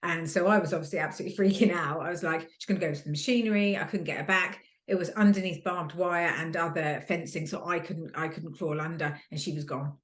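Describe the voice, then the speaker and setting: A woman talks casually in a rambling way, full of fillers and restarts. Her voice sits fairly low, and the room around her rings with noticeable echo. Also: fairly even intonation, quick pace, hardly any pauses. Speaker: guest, host's sister. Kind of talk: casual chat. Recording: echoey room sound.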